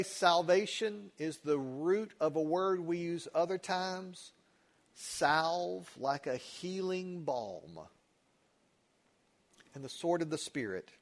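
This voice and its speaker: A middle-aged man, preaching a sermon as a pastor and telling stories with quick asides that shift between loud and quiet. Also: fairly high pitch.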